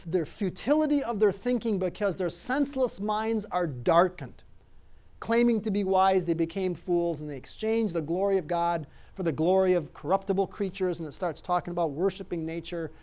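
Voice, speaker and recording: Man, pastor, sermon, emphatic, conversational, repeats phrases, slightly higher voice. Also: a little mellow.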